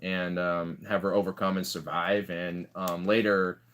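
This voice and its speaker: A man's voice: low-pitched, flat delivery, measured pace, fairly bright tone. A young man in casual chat, rambling through stories with lots of fillers and restarts. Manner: rambling, filler-heavy storytelling.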